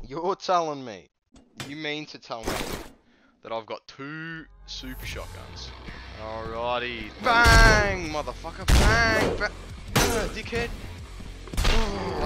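A man with an Australian accent giving sweary gameplay commentary, excitable and yelling at enemies. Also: fairly high pitch. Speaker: gaming video host. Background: loud game music.

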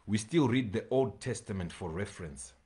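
A man preaching a sermon to his congregation, reading scripture slowly and repeating phrases for emphasis, sometimes pleading with his listeners. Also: lowish voice, expressive, darkish tone. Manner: addresses congregation directly, pleading. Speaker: pastor.

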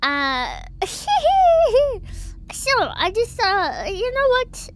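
A woman streamer chatting casually to her viewers, giggly and excitable, rambling with lots of fillers. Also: very high-pitched, slow pace.

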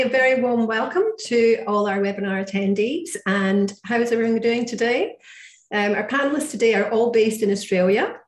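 A woman's voice: mid-range voice, reverberant. A woman with a Scottish accent co-hosting a webinar, introducing the panel in a friendly, welcoming way. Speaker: community ambassador, co-host.

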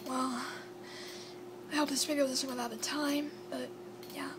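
Woman host, casual and apologetic, high voice, steady hum on the recording. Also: unhurried. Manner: chatty and apologetic, drops to a whisper at times. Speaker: video host. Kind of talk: casual chat. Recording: clear background hum.

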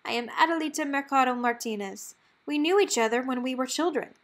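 A woman voicing a kind, humble young orphan woman in a storybook read-aloud, speaking gently and modestly. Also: high-pitched, brisk. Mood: gentle.

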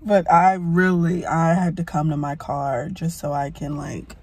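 A burnt-out woman venting in a frustrated, halting rant from inside her parked car, starting over again and again. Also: low-pitched, little pitch movement, darkish tone, breathy edge. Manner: frustrated, halting, many restarts. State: burnt out and weary. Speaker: vlogger. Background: faint rain and vehicle ambience.

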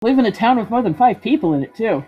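Playful woman streamer, slightly breathy, muffled stream audio over game music. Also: on the high side, lively intonation, fast. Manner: playful, reads game text aloud and jokes. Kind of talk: casual let's-play commentary.

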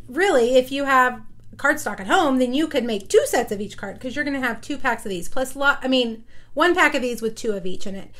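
Lady doing a craft livestream at home, kinda high voice, rambly and chatty, says hi to folks by name. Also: a bit bright. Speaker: papercraft livestream host. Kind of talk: casual live-stream chat.

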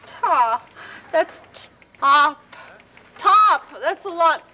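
A woman's voice: very high-pitched, lively intonation, extremely slow, heavy background noise, exaggerated voice. A woman playing a flustered mother who pleads with a police sergeant to find her missing little boy, in a 1970s children's TV sketch. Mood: anxious. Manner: frantic, pleading.

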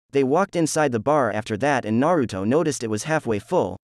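A man's voice: mid-range voice, expressive, a little fast, hardly any pauses, no room sound. A man reads a fan story aloud in a crude, jokey way, his voice in an ordinary middle register. The recording is dry and close, with no room sound. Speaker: narrator. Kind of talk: fan fiction reading.

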